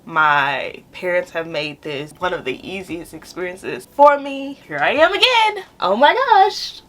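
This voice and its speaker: Heartfelt young woman vlogger, lowish voice. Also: fairly bright tone. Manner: heartfelt, rambling, talks straight to viewers. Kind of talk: casual chat to camera.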